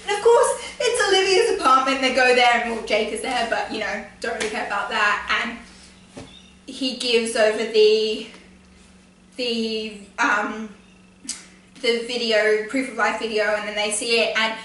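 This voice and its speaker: A woman giving a rambling, gushing fan review of a TV episode, excited and often laughing. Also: fairly high pitch, unhurried. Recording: echoey room from far off, faint noise.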